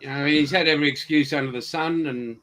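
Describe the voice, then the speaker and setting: A man's voice: a little high, steady tone, quick pace, poor audio. A man hosting a casual group video chat, joking and teasing the others. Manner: joking, swearing, bursts into loud shouts. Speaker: co-host of a modelling video chat.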